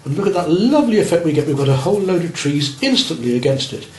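Fairly high-pitched and dark-toned, this art teacher talks fast with big swings in pitch as he leads a beginners' painting class. He coaches and encourages the students while he works, checking on what they've done. The classroom sounds roomy, with a faint background noise.

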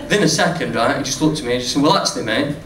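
A man's voice: medium pitch, racing. A man with a Northern English accent telling a stand-up story, chatty, swearing freely and laughing at his own jokes. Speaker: stand-up comedian. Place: comedy club stage with audience. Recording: roomy, distant live recording with noise.

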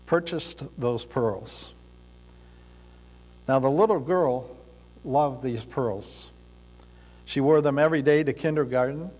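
A man preaching a sermon in a church sanctuary, speaking deliberately with pauses and the odd filler as he tells a story. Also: medium pitch, darkish tone. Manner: slow, deliberate delivery with pauses and occasional fillers. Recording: reverberant church hall.

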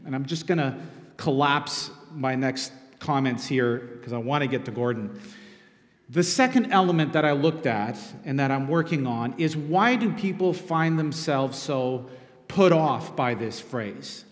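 A man's voice: medium pitch, unhurried. A man, a university instructor and producer, telling the story behind his film in a conversational public talk. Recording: long echo in a lecture hall.

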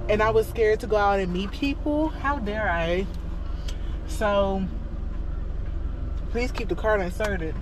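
A woman's voice: mid-range voice, noisy background. A young woman vlogging casually to her phone camera, chatty and effusive, often saying "like" and "y'all". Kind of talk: casual vlog talk to camera.

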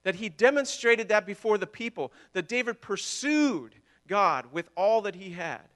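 A man preaching a sermon with passion, repeating words and swinging between loud declarations and hushed lines. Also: high voice, expressive, moderate pace. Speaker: pastor.

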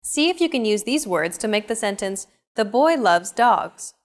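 Woman, lesson host, scripted, upbeat, asks the viewer questions, bright animated delivery. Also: medium pitch, normal speed.

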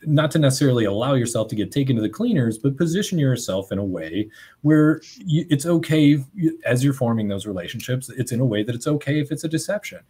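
A man's voice: mid-range voice, lively intonation, fast, warm tone, breathy edge. A man on a webinar panel, a small business owner, musing aloud and restarting his phrases often.

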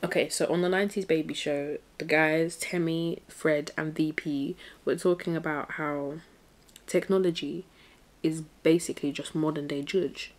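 A young woman chats to her listeners in a loose, playful way, full of slang and little sung asides. Her voice sits on the lower side for a woman. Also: fairly even intonation, moderate pace. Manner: chatty and playful, breaks into song and slang. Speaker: podcast host. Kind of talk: casual solo podcast chat.

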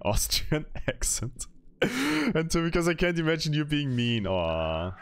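Low-voiced man streaming a game. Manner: chatty, reads chat aloud, laughs often. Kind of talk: casual gameplay commentary.

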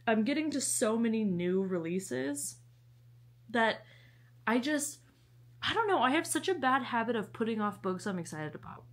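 A young woman talks through her day in a relaxed book vlog. Her tone is bubbly and chatty, with an easy, middle-pitched voice. She breaks into sweet, cooing talk whenever she turns to her dog. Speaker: book vlogger. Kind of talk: casual vlog chat.

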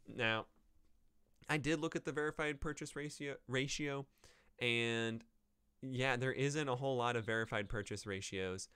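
A man's voice: mid-range voice, normal speed, fairly bright tone, smooth, no echo, clean studio sound. A man hosting a podcast, chatting casually about a book with hesitant fillers, restarts and wry offhand asides. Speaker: podcast host. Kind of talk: casual book review chat.

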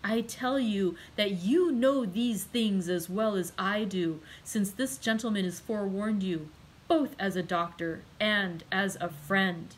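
A woman's voice: mid-range voice, a little slow, lightly acted, rough recording. A woman reading a passionate, grieving young man's lines in an audiobook, pleading and raising her voice. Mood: impassioned. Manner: impassioned, pleading.

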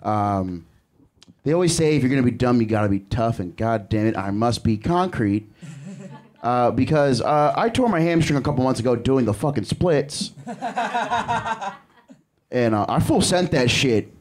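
A man's voice: mid-range voice, animated, normal speed, pauses often, a little mellow. A young man doing a crude, rambling stand-up set on a comedy club stage, breaking off to laugh at himself. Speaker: stand-up comic.

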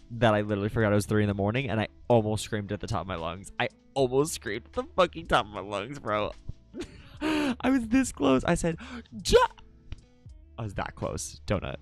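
A young man hosting a late-night livestream, chatting casually and breaking into excited high squeals. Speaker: livestream host.

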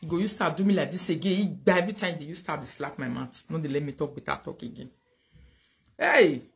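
A woman with a Nigerian Pidgin English accent hosting a casual livestream, animated, thanking viewers loudly and switching into Pidgin. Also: low voice, fast. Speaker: livestream host.

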